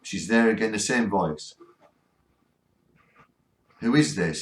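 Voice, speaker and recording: A northern English vlogger on a ghost hunt runs a spirit box in a cold spot, earnestly coaxing and repeatedly begging the spirits to answer. His voice sits fairly low and comes a little slowly with frequent pauses, and the sound is roomy and echoing.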